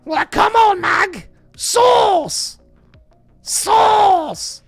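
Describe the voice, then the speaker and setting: Man doing a shouting cheeky bloke. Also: lively intonation, extremely slow, gravelly, soft background music, exaggerated voice. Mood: excited shouting. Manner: shouted, high-pitched, cheeky. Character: excitable British male friend, loud, slangy.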